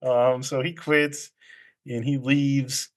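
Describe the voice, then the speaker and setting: Male podcast co-host, easygoing film-recap chatter, mid pitch. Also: little pitch movement, takes it slowly. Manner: rambling retelling with filler ums and laughs. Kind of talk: casual movie recap chat.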